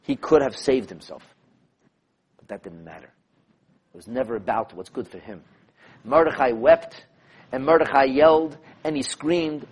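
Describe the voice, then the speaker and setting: A man who is a rabbi teaching a class, telling stories in an animated, emphatic way and repeating phrases to drive points home. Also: medium pitch, slightly rough. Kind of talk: lecture with storytelling.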